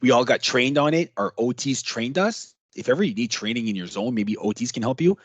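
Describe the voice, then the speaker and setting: A man's voice: medium pitch, brisk, husky, no echo. Male trainer, casual and chatty, dry close recording. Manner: animated, chatty, acts out client quotes. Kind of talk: casual workshop talk.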